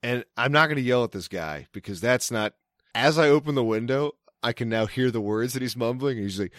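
A man's voice: mid-range voice, brisk, no room sound, clean studio sound. A man from Maryland telling a long story in casual chat, rambling, swearing a lot and breaking off his sentences. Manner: rambling, profane, self-interrupting.

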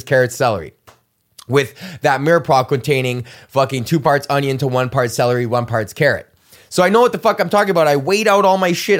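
A young man hosting a podcast, ranting casually and profanely in a rambling, animated way. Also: a little high. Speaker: podcast host.

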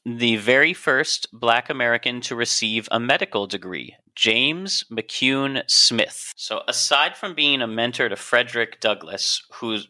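A man's voice: mid-range voice, bright, forceful tone. A man co-hosting a casual podcast, a doctor who explains facts with playful jokes. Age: adult, a doctor. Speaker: podcast co-host.

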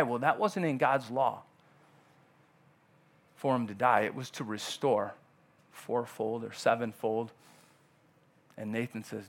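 A man's voice: medium pitch, fairly even intonation, takes it slowly, long pauses. A male pastor delivering a conversational sermon in church, often acting out quoted dialogue.

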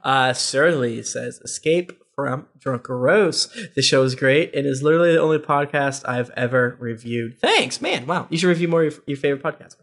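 A man's voice: medium pitch, expressive, moderate pace, few pauses, a bit bright. A man hosting a podcast, reading listener reviews aloud in a casual way with joking asides. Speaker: podcast host.

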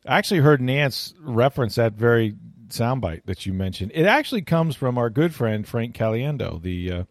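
A man's voice: mid-range voice, very animated, moderate pace, no echo. A man talking football as a guest analyst in casual radio chat, rambling with many fillers and restarts.

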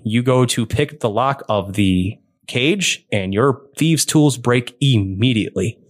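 A young man narrating a tabletop game as game master, slow and deliberate with quick asides. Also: medium pitch.

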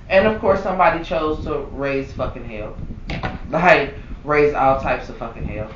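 A man co-hosting a podcast in casual chat, profane and animated, ranting with lots of swearing. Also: medium pitch, normal speed, recorded from a distance. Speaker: podcast co-host. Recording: echoey, dull, from off-mic with faint background noise.

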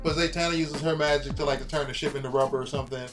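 A man in casual chat, telling a story in an animated, profane way and acting out quotes. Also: fairly high pitch, racing, over music.

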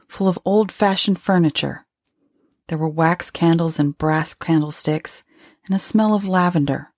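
A woman narrating a story in a measured, somber way, with a husky voice. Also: low-pitched, darkish tone, no echo, clean studio sound. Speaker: audiobook narrator.

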